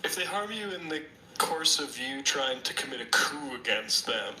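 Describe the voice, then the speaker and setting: A man's voice: mid-range voice, expressive, normal speed, pushed and bright, roomy sound, slight background noise, rough recording. A man on a casual political podcast panel, making sarcastic, laughing interjections.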